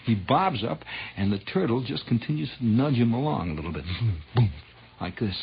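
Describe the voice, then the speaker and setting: A man telling a dramatic true story on old radio, dropping to hushed whispers and rising to loud swells. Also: medium pitch, very animated, normal speed, vocal fry, breathy edge. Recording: dull lo-fi 1960s radio recording.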